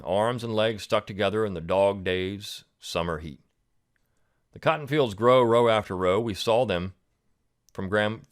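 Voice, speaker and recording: A man, hosting and reading a reflective poem before giving commentary in a measured way. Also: low-pitched. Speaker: host.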